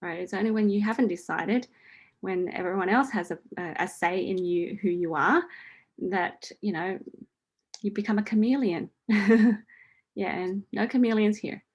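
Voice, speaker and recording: Woman, forties, friendly coach answering a listener, chatty with a steady "right?". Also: mid-range voice, moderate pace, husky, dull audio. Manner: chatty, repeats "right?" often, laughs lightly. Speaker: host answering a listener's question. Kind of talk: casual spiritual coaching talk.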